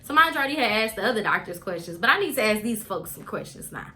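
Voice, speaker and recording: Bright-voiced young woman telling her story. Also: mid-range voice, rapid-fire. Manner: candid, animated retelling with many "like" fillers. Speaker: vlogger. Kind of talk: personal storytelling.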